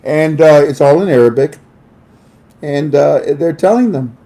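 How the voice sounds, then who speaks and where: A man hosting a casual monologue in an animated manner, laughing often and acting out voices. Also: fairly high pitch, measured pace. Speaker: host.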